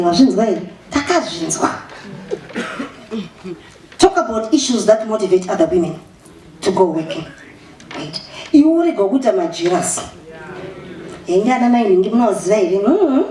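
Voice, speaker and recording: A Zimbabwean woman official giving an animated public speech, mixing English with Shona and restarting her sentences often. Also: fairly high pitch. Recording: echoey room, voice far from the mic, faint ambience.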